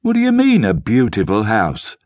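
A scornful teenage gang leader with a high voice who fires off sharp, probing questions. A man acts him out in a storybook reading. The sound is close and dry. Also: huge pitch swings, normal speed, dry recording, full character voice.

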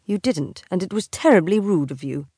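A woman voicing a teasing, insolent young aristocratic husband in a slow, drawling, mocking manner. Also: on the low side, expressive, dark tone, breathy edge, no room sound, clean studio sound.

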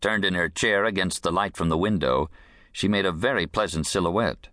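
A man narrating an audiobook in a crisp, dry, expressive manner. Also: deep voice, moderate pace, no echo.

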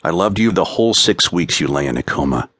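A captive woman speaks slowly and clearly, holding herself together, as a male narrator reads her part. The voice sits low and the sound is dry and close. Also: lively intonation, fairly bright tone, dry recording, full character voice. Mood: tender, resigned. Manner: slow, clear, composed speech. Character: captive woman pleading steadily on video.

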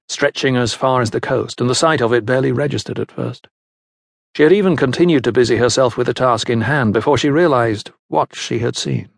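Gravelly male audiobook narrator. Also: medium pitch, no echo, studio quality. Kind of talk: scripted narration.

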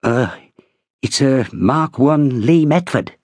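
A man's voice: mid-range voice, animated, slow pace, darkish tone, dry recording, pitched above the performer's own voice. A male narrator playing an earnest, slightly hesitant young soldier in a raised voice. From Birmingham.

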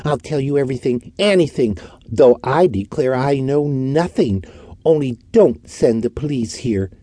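A man's voice: a little high, expressive, a little slow, warm tone, no echo, voice pushed up. A man voicing a sneering, cowardly man. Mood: frightened. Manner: whining, sarcastic, frightened.

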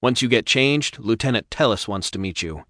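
Man playing a young male captain, wry, warm, audiobook, dry studio read. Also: mid-range voice, lively intonation, moderate pace, dry recording. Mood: friendly. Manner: warm, joking.

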